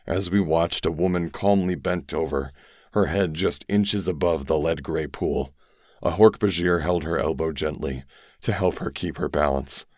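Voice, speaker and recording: A man narrating a first-person audiobook in a grave, measured way. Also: rumbling low, no echo, clean studio sound.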